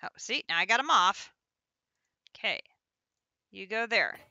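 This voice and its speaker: A woman's voice: medium pitch, expressive, a little slow, vocal fry, pushed and bright, no room sound, lo-fi sound. A woman streaming a game live, chatting to herself as she counts out and places items. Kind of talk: live gameplay commentary.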